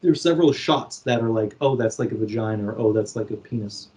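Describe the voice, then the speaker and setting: A man co-hosting a podcast, casually retelling a film plot with lively acted-out quotes. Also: lowish voice, brisk. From Canada. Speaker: podcast co-host. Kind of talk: casual chat.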